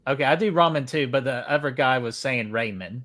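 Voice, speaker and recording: A man's voice: medium pitch, fairly even intonation, fast, fairly bright tone. A man with a mid-range voice hosts a casual movie watch-party stream. He jokes with his co-hosts and greets viewers from the chat in a playful, easygoing way. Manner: playful, jokey, welcomes viewers by name.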